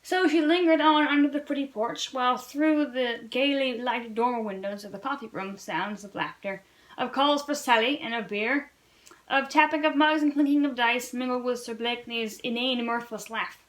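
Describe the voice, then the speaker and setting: A woman reads a classic novel aloud for a book-club read-along, her voice pitched high. She narrates earnestly, now and then tripping and restarting a word. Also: normal speed, low-quality recording. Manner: earnest storybook narration, occasional slips and restarts.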